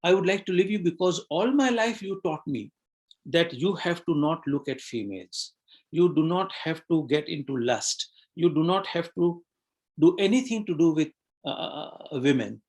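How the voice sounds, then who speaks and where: A man's voice: fairly high pitch, lively intonation, normal speed. A man voicing a resentful young male disciple who accuses his master, speaking in an indignant, accusing way.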